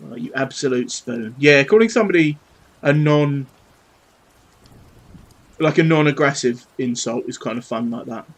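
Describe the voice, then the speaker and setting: A British man in his thirties paints models on a live stream from his home desk, chatting cheekily and swearing in a playful way. He talks at a normal speed in a medium pitch and pauses often. The recording is rough.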